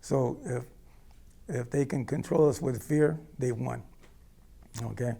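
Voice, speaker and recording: Gravelly-voiced man telling a blunt story. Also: mid-range voice, takes it slowly, dark tone. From United States. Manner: blunt, rambling, checks in with "okay?" and "you know". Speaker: interviewee telling a personal story. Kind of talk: casual spoken storytelling.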